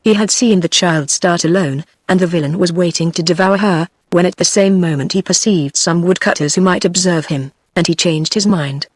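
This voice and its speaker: A computer-generated woman's voice with a British English accent, narrating a fairy tale audiobook in an even, mechanical delivery. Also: lowish voice, moderate pace, few pauses, no echo.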